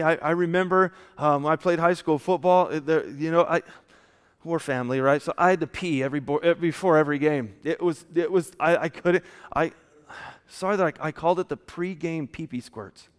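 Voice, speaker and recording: A man preaching a casual, story-filled sermon, often dropping to a soft hushed tone. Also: on the high side, smooth. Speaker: pastor. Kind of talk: conversational sermon with stories. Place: church. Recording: long church hall reverb.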